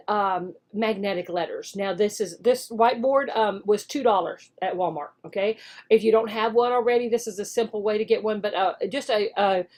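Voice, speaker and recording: A woman teacher walking through a demo English lesson, switching between explaining and slow, exaggerated modeling for a child, with cheerful praise. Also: mid-range voice, darkish tone. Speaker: online English teacher and recruiter.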